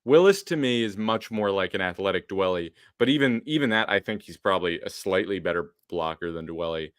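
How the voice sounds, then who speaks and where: A man co-hosting a football talk show with a lowish voice. He jokes in a laid-back way, and the recording is dry with no room sound. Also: brisk, smooth, no room sound. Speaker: podcast co-host. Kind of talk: casual sports chat.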